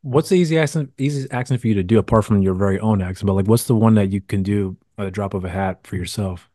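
A man hosts a casual interview podcast, piling up long, winding questions full of restarts and fillers. He talks quickly in a lowish voice. The sound is dry and close. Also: warm tone, no room sound. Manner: rambling, many restarts and fillers. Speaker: podcast host.

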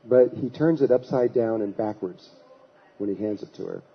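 A man, a spiritual teacher, telling a story in a halting way with frequent restarts in a husky voice. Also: fairly low pitch, highs cut off. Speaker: spiritual teacher giving a talk. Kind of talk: anecdotal storytelling talk.

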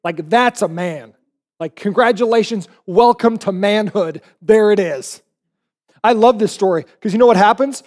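High-voiced pastor preaching a sermon. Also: male voice, normal speed. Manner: animated storytelling, acts out quoted voices.

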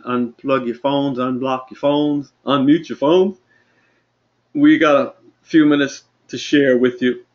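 A man preaching an online sermon as pastor, fervent and rising to loud cries. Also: mid-range voice, dull audio.

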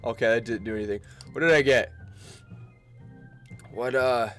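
A man giving casual let's-play commentary, excitable, laughing often and reading game text aloud. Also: mid-range voice, moderate pace, faint music behind. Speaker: gaming video creator.

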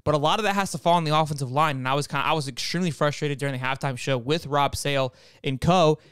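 Male fan-show host, casual football breakdown to viewers, restarts often, smooth voice, dry close recording. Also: fairly high pitch, fast, no room sound. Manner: animated, frequent restarts, talks straight to viewers.

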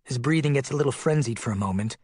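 A man narrating an audiobook in a steady, measured way, close to the mic. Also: medium pitch, husky, no room sound.

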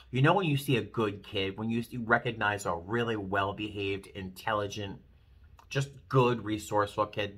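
Middle-aged male vlogger, lowish voice with a bright edge, rambling and emotional, talking straight to camera. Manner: rambling, emotional, self-deprecating. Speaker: flight attendant vlogger. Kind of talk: casual vlog talk to camera.

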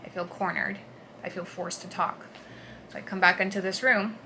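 A woman's voice: mid-range voice, fairly even intonation. Woman telling a hard story, noisy recording. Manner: earnest, halting, swings between hushed and forceful. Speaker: vlogger. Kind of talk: personal storytelling.

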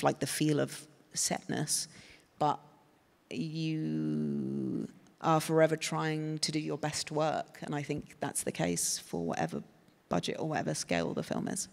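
An English woman talks on a festival stage, her voice gravelly with fry. She wanders through her answers thoughtfully, full of fillers and restarts. The sound carries the long reverb of a large hall. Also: deep voice. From England. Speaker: guest actress. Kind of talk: live panel conversation. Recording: reverberant hall from a live event.

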